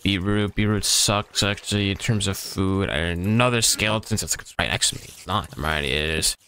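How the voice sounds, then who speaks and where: A man with a lowish, bright, forceful voice keeps up a casual running commentary as he plays a game. He talks mostly to himself and swears freely along the way. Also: normal speed, a little hiss or hum. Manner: chatty running self-talk, swears casually. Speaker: gaming channel host.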